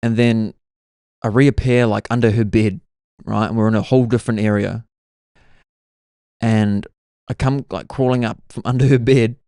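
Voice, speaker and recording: A man's voice: lowish voice, steady tone, normal speed, long pauses, warm tone, dry recording, clean studio sound. A man, hosting his own podcast and rambling through stories in a casual way, full of "like" and "bro". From New Zealand. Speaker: podcast host. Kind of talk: casual solo storytelling.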